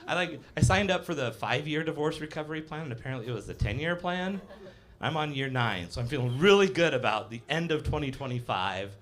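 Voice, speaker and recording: A man's voice: on the high side, lively intonation, a little fast, a bit bright. A man in his fifties performs stand-up on a cafe stage. He rambles through fillers in a self-mocking tone. He slips into acted-out voices now and then. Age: 50s. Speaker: stand-up comedian. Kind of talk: live stand-up set. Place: live comedy cafe stage.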